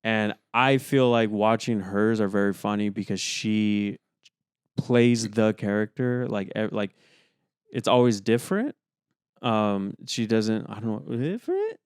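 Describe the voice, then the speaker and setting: This podcast co-host is a young man whose casual, rambling chat is full of fillers. He speaks unhurriedly in a fairly low, clear, resonant voice with lively intonation, captured in a clean studio with no room sound.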